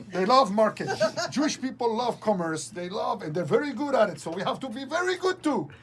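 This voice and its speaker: Laughing man telling a story. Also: high voice. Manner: laughs often, halting restarts, acts out quoted dialogue. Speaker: interview guest. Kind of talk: animated storytelling anecdote.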